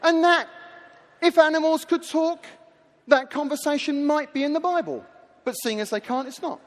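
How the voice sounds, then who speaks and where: A man with a very high voice preaches a sermon in a lively storytelling manner. He builds to rousing calls to the audience. The sound carries a long echo through a large hall. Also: normal speed.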